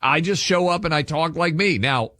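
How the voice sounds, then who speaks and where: A man's voice: on the high side, normal speed, bright, forceful tone, no room sound. A man from Tennessee co-hosting a radio talk show, emphatic and opinionated, often repeating phrases. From Tennessee, USA. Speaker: radio co-host. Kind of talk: casual radio banter. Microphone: studio microphone.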